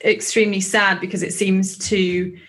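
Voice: medium pitch, level tone, a bit bright. Voice reading a novel passage aloud. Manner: measured literary reading, doing American voices for characters. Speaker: book club member.

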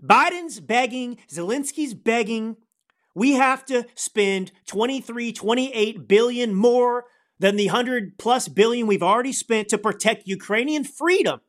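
A man's voice: very high voice, animated, a little slow, fairly bright tone. A man hosting a podcast, delivering angry, sarcastic political commentary in a ranting manner. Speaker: podcast host.

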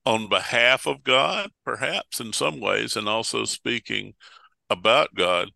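A pastor talking over preaching texts in casual conversation, a folksy storyteller who acts out the voices of Bible figures. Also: male voice, medium pitch, measured pace, gravelly, pushed and bright, dry recording.

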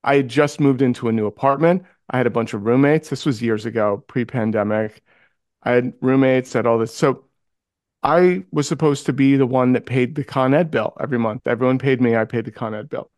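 Man, casual podcast chat, lively storyteller, mid pitch, dry sound. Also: fairly quick, no echo. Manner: animated storyteller, acts out quoted voices.

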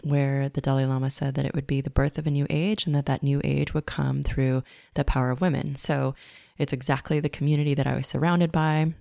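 Woman, podcast host, low voice, gravelly edge, dry close sound, calm personal essay. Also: brisk, dry recording.

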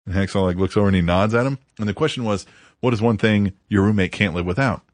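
A man's voice: lowish voice, fast talker, dry recording. A man co-hosting a casual podcast, crude and laughing as he tells stories and reads listener tweets aloud. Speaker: podcast co-host.

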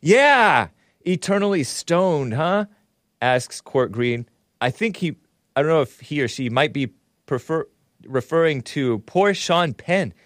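A man's voice: mid-range voice, measured pace, dry recording, clean studio sound. A man hosting a talk show, giving sarcastic, chuckling commentary while reading out chat comments.

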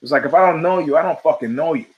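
Host, middle-aged man, slightly high voice; rambling profane storyteller who acts out his quotes. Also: racing, lo-fi sound. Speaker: show host. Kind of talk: casual monologue.

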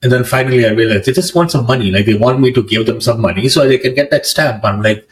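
A man's voice: mid-range voice, fast talker, hardly any pauses, distant mic, poor audio. A man from Pakistan in his thirties, a podcast guest chatting casually, with lots of "like" and restarts. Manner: rambling, full of "like" and restarts, laughs often. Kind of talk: casual conversational storytelling.

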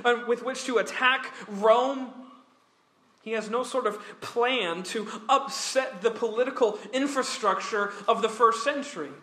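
Man, pastor, Bible teaching, emphatic delivery, high pitch. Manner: earnest, emphatic, with restarts and soft laughs.

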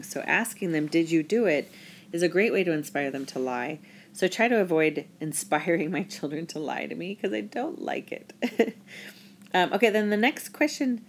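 A woman's voice: sits low, slight background noise. A woman sharing a weekly Torah reflection in a casual, chatty way, drawing on her experience as a parent. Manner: reflective, chatty, with laughs and restarts. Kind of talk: casual talk.

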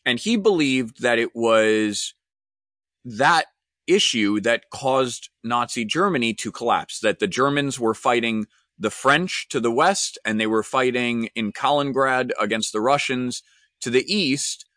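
A male podcast host speaks in a solo monologue at a mid pitch, telling stories with a wry edge and analysing in an earnest tone. The recording is close and dry, with no room reflections. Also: a little slow, pushed and bright, no echo.

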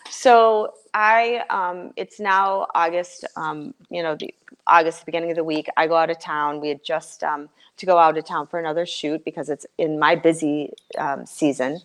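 A middle-aged woman telling her personal story as a guest, earnest and halting, with many fillers and restarts. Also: low voice, fairly even intonation, fairly bright tone.

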